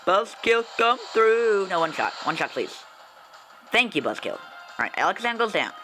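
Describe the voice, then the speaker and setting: A man hosting a let's play, commenting on the game in a casual, excitable, slangy way with frequent swearing. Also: a little high, brisk, over music, rough recording.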